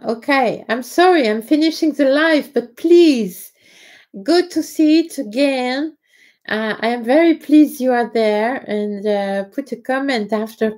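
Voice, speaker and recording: A woman with a French accent hosting a live stream, talking in a halting way with many fillers and greeting viewers by name. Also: medium pitch, a little mellow. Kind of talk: casual live-stream talk.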